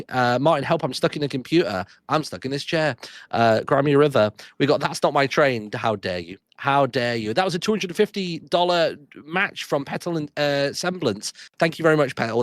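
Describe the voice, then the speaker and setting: A man hosting a charity livestream, reading out donor names one after another with quick thanks and little asides. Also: medium pitch, no room sound. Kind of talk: live donation readout.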